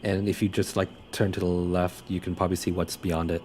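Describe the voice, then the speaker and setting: Deep-voiced young man narrating a tabletop game. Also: flat delivery, darkish tone, slight background noise. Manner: loose, halting narration with many fillers. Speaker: game master.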